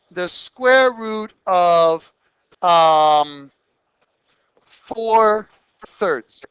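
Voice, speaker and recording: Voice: medium pitch, a bit bright, smooth, no echo, poor audio. A math teacher explaining problems step by step in a classroom lesson, checking in with the students through short questions as the explanation goes on.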